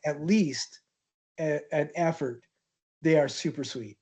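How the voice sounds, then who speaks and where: A man's voice: fairly high pitch, takes it slowly, darkish tone. A man teaching an art history class, telling casual, rambling anecdotes with fillers and chuckles. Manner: chatty, hesitant, laughs at own stories.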